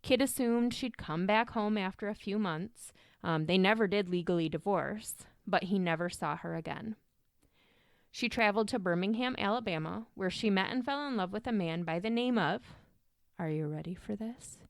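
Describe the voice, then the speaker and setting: A woman's voice: mid-range voice, moderate pace, gravelly, no echo, studio quality. A young adult woman hosting a podcast, telling a true crime story in a casual, chatty way, swearing and wandering off on tangents. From Michigan. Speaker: podcast host.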